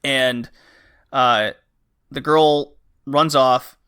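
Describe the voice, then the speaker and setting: A man's voice: mid-range voice, fairly even intonation, very slow, sharp tone, smooth. A man hosting a podcast who chats casually about a game, rambling and acting out the characters' lines. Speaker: podcast host. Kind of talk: casual game review chat.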